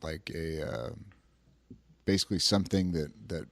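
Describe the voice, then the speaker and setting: Deep-voiced laid-back male host, dry sound. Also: steady tone, moderate pace, creaky, fairly bright tone, no echo. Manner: musing, laid-back, trails off in filler. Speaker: podcast host. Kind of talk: casual podcast chat.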